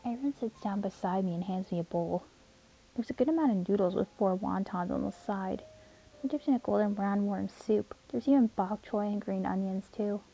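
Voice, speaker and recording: A woman narrating a first-person audio story as a caring, protective young man named Caleb, in an earnest, steady manner. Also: mid-range voice, moderate pace, creaky, dull audio. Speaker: narrator and voice actor.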